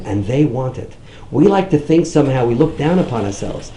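A middle-aged man, a rabbi, giving a storytelling sermon, jumping up high whenever he quotes someone. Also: a little fast, roomy sound, a little hiss or hum, rough recording. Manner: animated, swings up high when quoting others. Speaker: rabbi giving a talk on outreach.

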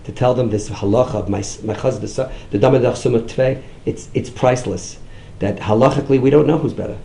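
A middle-aged man, a rabbi, giving a storytelling sermon, jumping up high whenever he quotes someone. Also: quick pace, echoey room, slight background noise, rough recording. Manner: animated, swings up high when quoting others. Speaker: rabbi giving a talk on outreach.

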